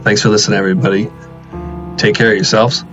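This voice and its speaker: A man's voice: on the low side, little pitch movement, fast, highs cut off, music in the background. A man in his thirties co-hosting a podcast, laid-back, telling family stories and chuckling. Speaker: podcast co-host. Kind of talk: casual podcast chat.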